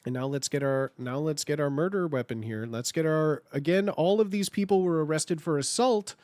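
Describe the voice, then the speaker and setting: A man's voice: a little high, moderate pace, a little mellow, no room sound. A man chatting casually on a live stream while he edits slides, thinking aloud and repeating his phrases.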